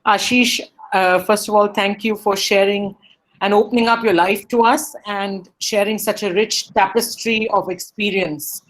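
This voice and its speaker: A woman's voice: medium pitch, fairly even intonation, a little slow, low-quality recording. Woman thanking the speaker, earnest and gracious. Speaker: campus representative. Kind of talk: vote of thanks.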